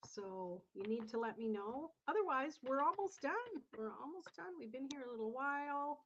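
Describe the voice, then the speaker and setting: Chatty woman hosting a tarot livestream. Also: medium pitch. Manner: encouraging, chatty, talks to viewers in the chat. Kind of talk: casual livestream chat. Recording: slightly dull lo-fi sound.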